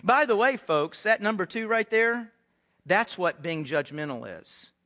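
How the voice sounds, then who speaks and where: High, bright-voiced preaching man. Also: lively intonation, a little slow. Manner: earnest, repeats words when stirred. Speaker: pastor. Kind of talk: sermon. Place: church sanctuary.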